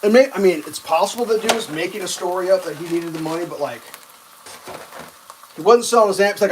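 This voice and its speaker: A man tells a long, rambling story on a live stream, his voice sitting a little high and loose. He swears freely and jumps into a raised voice when he quotes people. Faint frying and sizzling can be heard behind him. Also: quick pace, a little hiss or hum. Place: home kitchen while cooking.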